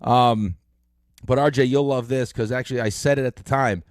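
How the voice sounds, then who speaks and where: A middle-aged man hosting a sports radio show, telling stories in an animated way with lots of fillers, on a close studio mic. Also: medium pitch, normal speed, dry recording. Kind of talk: casual sports talk.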